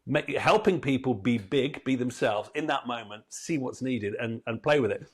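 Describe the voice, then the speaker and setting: A man's voice: medium pitch, normal speed. Friendly male podcast host. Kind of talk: casual interview chat.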